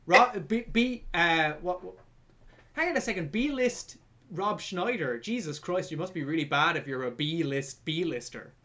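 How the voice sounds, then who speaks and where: Young guy podcast host, lively swoopy voice, swears a lot, jokey movie rant. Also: on the high side, unhurried. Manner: animated, sweary, jokey retelling. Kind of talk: casual film review chat.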